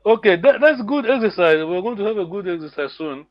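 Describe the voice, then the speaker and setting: A man teaches an online language lesson with patience, repeating words and asking "yeah?" to make sure students follow. His voice sits high with lively intonation and a fairly quick pace, and the audio is dull with no echo.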